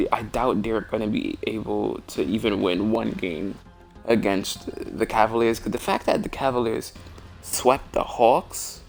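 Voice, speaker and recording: A man's voice: lowish voice, vocal fry. A tired young man rambling casually about basketball on a stream as host, with many restarts and fillers. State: tired, yawning. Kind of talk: casual sports talk stream.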